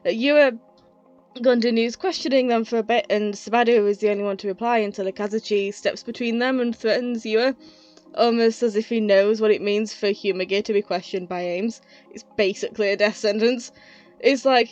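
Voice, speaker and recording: A woman talking through a casual retrospective review, slightly out of breath, chatty and enthusiastic and quick to laugh. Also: fairly high pitch, fairly even intonation, a little mellow, dull audio, soft background music.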